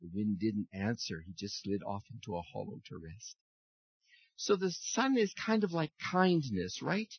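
A man leading a children's message in church, speaking in a friendly, animated way to children and reading them a story. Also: on the low side, unhurried, slightly rough, dry recording, dull audio.

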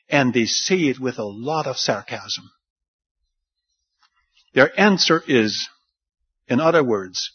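Animated preacher man, lively pitch. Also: slightly rough. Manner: animated, acts out the disciples' lines with rising pitch. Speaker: pastor. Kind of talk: sermon. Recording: dull lo-fi sound.

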